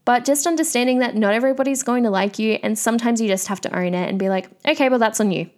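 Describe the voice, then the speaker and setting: A woman's voice: fairly high pitch, fast talker, darkish tone. Chatty woman podcast host. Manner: candid, chatty rant with frequent fillers. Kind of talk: solo podcast monologue.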